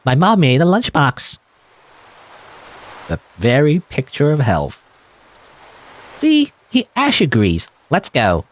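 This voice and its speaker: A man's voice: fairly high pitch, huge pitch swings, slow pace, long pauses, full character voice. A man voicing a bubbly, insistent schoolgirl classmate in a game he reads aloud. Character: pushy, chirpy schoolgirl classmate.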